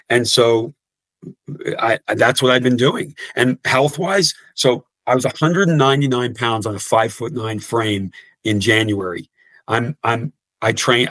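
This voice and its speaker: A man's voice: mid-range voice, fairly bright tone, no room sound. A man in his fifties talking earnestly in an interview, often repeating words and restarting sentences. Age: 50s. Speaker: guest coach. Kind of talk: podcast interview.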